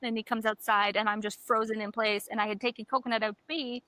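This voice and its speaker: A woman co-hosting a podcast, telling animated stories in casual chat and swearing often. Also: fairly high pitch, quick pace, dry recording. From Canada. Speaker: podcast co-host.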